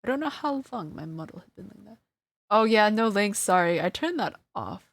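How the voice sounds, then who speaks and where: A woman's voice: mid-range voice, very animated, normal speed, dry recording. A woman streamer chatting casually to her live chat, flustered and self-deprecating, often breaking into laughter. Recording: dry close sound.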